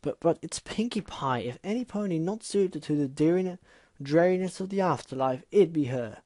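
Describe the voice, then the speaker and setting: A haughty, posh female unicorn , as a man puts her on, with a raised, mellow voice. She drawls her words with prim condescension, and the sound is close and dry, like a home fan reading of a storybook. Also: on the high side, expressive, normal speed, dry recording, pitched above the performer's own voice.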